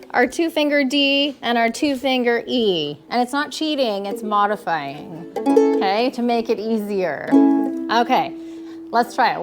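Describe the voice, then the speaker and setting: Canadian woman, ukulele teacher, high voice, slow unhurried delivery, loud ukulele strumming behind. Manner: encouraging, checks in often with okay. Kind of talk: live group music lesson.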